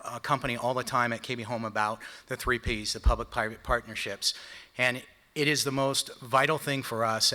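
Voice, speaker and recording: A man addresses a conference audience in an earnest, plainspoken way, reaching for everyday comparisons. His voice is strikingly bright and forceful. The sound rings with the long reverb of a large hall. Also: medium pitch. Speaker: home builder executive speaker. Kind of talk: conference speech.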